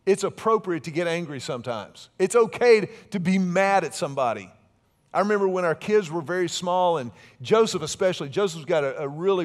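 A middle-aged man preaching a sermon in a conversational way, with asides and big swings between loud and soft. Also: on the high side. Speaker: pastor.

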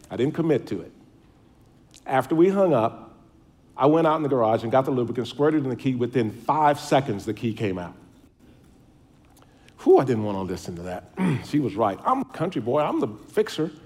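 Folksy man giving a lively speech. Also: mid-range voice. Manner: folksy, storytelling, self-deprecating. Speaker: speaker. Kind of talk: public speech.

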